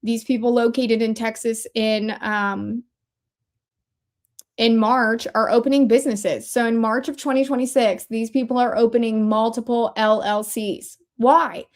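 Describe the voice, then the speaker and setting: A woman's voice: on the high side, steady tone, a little slow. A woman hosting a casual commentary livestream, who talks in a chatty, rambling way and often interrupts herself. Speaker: livestream host.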